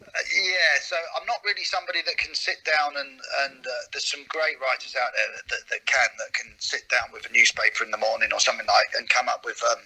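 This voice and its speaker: A middle-aged man recalls his career in a relaxed interview, reflective and halting. His voice is husky with a very sharp, tense edge at a middling pitch. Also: low-quality recording. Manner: reflective, anecdotal, hesitant restarts. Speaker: comedian and comedy writer guest. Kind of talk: casual chat interview.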